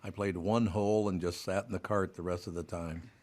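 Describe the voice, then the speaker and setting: Older Minnesotan male host, low voice, gruff casual banter. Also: fairly even intonation, brisk, darkish tone. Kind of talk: casual chat.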